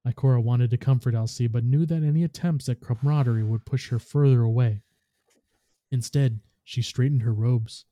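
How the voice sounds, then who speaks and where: A man, a podcast host, reading a story aloud in a steady, even narration. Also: mid-range voice, normal speed, no echo, clean studio sound.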